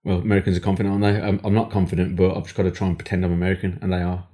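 A man's voice: low-pitched, level tone, racing, mellow, breathy edge. A man co-hosting a casual podcast, laid-back and agreeable. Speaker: podcast co-host. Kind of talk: casual chat.

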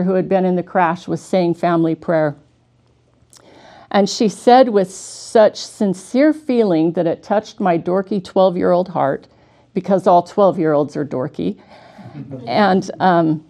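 A woman's voice: fairly low pitch, warm tone. A middle-aged woman telling a personal faith story in an earnest, conversational way. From Washington state, USA. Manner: earnest and conversational, with small restarts. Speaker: speaker giving a devotional talk. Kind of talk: heartfelt devotional storytelling.

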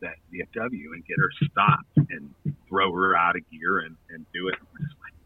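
A man's voice: low voice, little pitch movement, normal speed, slightly rough, no room sound, far from the mic, phone-quality sound. A man who plays in a touring band telling a long, rambling anecdote in casual chat, laughing often and using lots of fillers.

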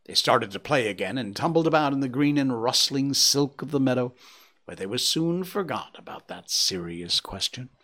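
A man reading a children's story aloud, bringing the characters to life with a varied voice. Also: moderate pace. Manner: lively, voicing characters with shifting pitch. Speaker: narrator.

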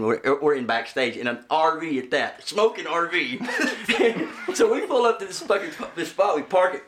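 A guest musician from Oklahoma swaps profane, casual stories, laughing through each one. His voice is medium in pitch and a bit bright. The recording carries a roomy echo and some faint noise.

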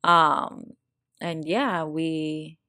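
A young woman chats in an easygoing, talkative way as a podcast co-host. Her voice sits a little low. The recording is dry and close, with almost no room sound. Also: steady tone, extremely slow, bright, forceful tone, dry recording. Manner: easygoing, chatty, recommending things to listeners. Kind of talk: casual chat.

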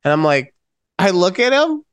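A man in his late thirties co-hosting a podcast, telling stories in a rambling, animated way, swearing freely and poking fun at himself. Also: sits high, normal speed, smooth, no room sound, studio quality. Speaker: podcast co-host. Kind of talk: casual chat.

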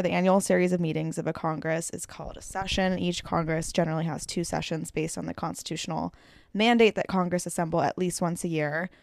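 Chatty young American woman, lowish voice. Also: dry recording. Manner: chatty, lots of "like". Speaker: podcast co-host. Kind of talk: casual news chat.

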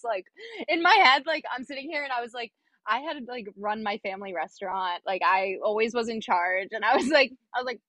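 A woman's voice: fairly high pitch, brisk, no echo. A young adult woman, a podcast guest, telling a workplace story in casual chat, acting out quoted dialogue with lots of fillers. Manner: animated, acts out quoted dialogue, many fillers.

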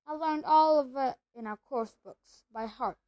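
A woman reading a storybook aloud and voicing a bossy, self-assured young schoolgirl who talks quickly and proudly. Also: high-pitched, darkish tone, rough recording. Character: bossy know-it-all schoolgirl, brisk and proud.

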